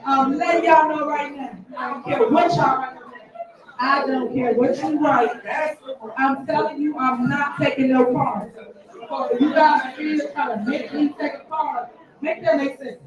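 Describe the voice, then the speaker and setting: A woman's voice: sits high, fairly even intonation, unhurried, muffled recording. A woman speaking at a township board meeting, pressing the board with repeated pointed questions. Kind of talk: heated remarks at a public meeting. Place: large meeting hall. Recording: echoey hall audio from far off with crowd. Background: crowd murmur.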